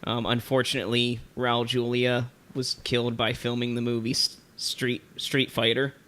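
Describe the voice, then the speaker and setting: Bright-voiced jokey man podcasting. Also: mid-range voice, monotone, moderate pace. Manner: jokey, hums theme tunes, lots of ums. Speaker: podcast co-host. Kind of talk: casual chat.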